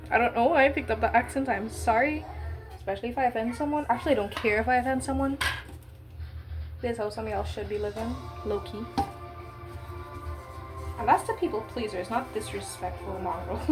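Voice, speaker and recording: A woman's voice: a little high, brisk, long pauses, music in the background. A woman chatting casually as she bakes, with cheeky slangy asides. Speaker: baking vlogger. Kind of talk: casual baking vlog.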